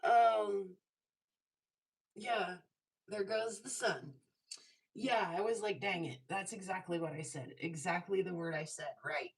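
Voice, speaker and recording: A woman with a lowish, slightly rough voice and vocal fry speaks slowly and pauses often while hosting a casual jewelry-making livestream. She chats as she works, laughing frequently and making fun of herself, on a rough recording.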